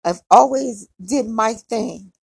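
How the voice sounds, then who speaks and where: A woman's voice: on the high side, takes it slowly, vocal fry, darkish tone, husky, no echo. A young woman venting bluntly in an emotional personal monologue, repeating herself as she talks. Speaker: podcaster.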